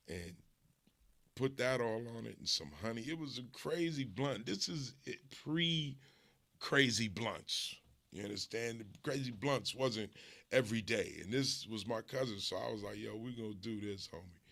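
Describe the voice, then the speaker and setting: A man's voice: medium pitch, animated, measured pace, a bit bright. A middle-aged man hosting a show, telling stories in a laid-back, profane way. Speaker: host. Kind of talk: casual storytelling.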